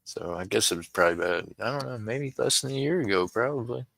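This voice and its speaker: A man chats on his livestream, drifting from thought to thought and calling out to viewers by name. His voice sits low but comes across bright and forceful. The sound is dry and close. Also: expressive, fast talker, creaky, no echo, rough recording. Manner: rambling, chatty, talks to viewers by name. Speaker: livestream seller. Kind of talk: casual livestream chat.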